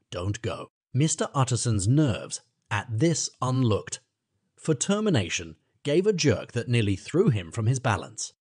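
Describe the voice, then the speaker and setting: An audiobook narrator reads a classic novella aloud with expressive, dramatic delivery. His voice is on the low side with a breathy edge, in a dry, clean studio recording.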